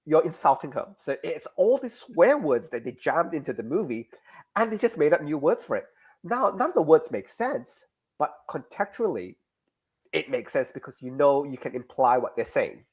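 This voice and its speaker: A man being interviewed about his comics, talking in a lively, casual way with frequent restarts. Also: on the high side, normal speed, breathy edge. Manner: animated, restarts mid-sentence. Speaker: guest comics creator.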